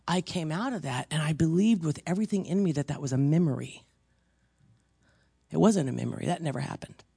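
Older woman preacher, gravelly voice, rambling storyteller, dry close sound. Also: deep voice, no echo. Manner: rambling, repeats words, swings from hushed to emphatic. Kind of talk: sermon with personal stories.

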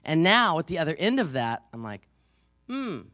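A woman's voice: sits low, sing-song, fairly quick, a bit bright, no room sound, clean studio sound. A woman pastor preaching in a loose, chatty storytelling way, full of asides. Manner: chatty storytelling, frequent "you know", laughs easily. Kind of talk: conversational sermon.

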